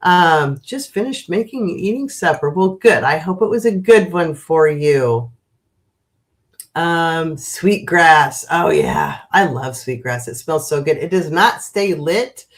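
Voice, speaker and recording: Gentle rambling woman hosting a livestream. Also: low-pitched, expressive, takes it slowly. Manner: gentle, rambling, many fillers and restarts. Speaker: spiritual livestream host. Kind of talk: casual live chat with viewers.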